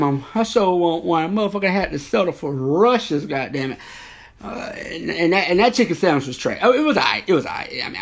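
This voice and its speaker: A man's voice: high-pitched, vocal fry. A man hosting a podcast, delivering a profane, rambling comedic rant. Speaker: podcast host.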